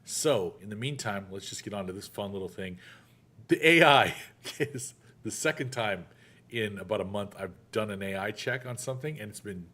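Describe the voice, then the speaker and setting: Middle-aged guy hosting a chat show, kinda low voice, joking around a lot. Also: moderate pace, pushed and bright. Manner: chatty, joking, laughs often. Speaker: show host. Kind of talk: casual chat.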